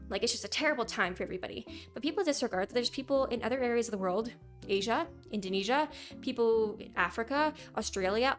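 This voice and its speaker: A young woman giving her opinions in a casual commentary vlog, opinionated and quick to mock what commenters say. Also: fairly high pitch. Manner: opinionated, reads out viewer comments in mocking voices. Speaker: gaming YouTuber.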